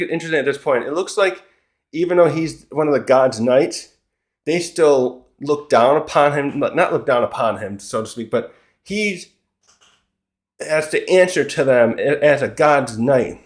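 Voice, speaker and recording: A man with a slightly higher voice talks through a comic chapter in a loose, chatty way. He stumbles and restarts often and chuckles to himself as he goes. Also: expressive, normal speed. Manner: rambling, with frequent restarts and chuckles. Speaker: manga reviewer. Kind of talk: casual chapter recap.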